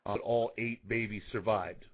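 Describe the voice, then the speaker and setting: A man's voice: on the low side, fairly even intonation, normal speed, crowd noise. Hesitant male caller on a phone line. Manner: hesitant, stammering. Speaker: radio caller. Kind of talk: call-in conversation.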